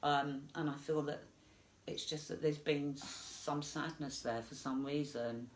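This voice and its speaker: A woman medium giving a live psychic reading, gentle and reassuring, halting with many fillers. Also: deep voice, fairly even intonation, slight background noise. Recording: echoey room.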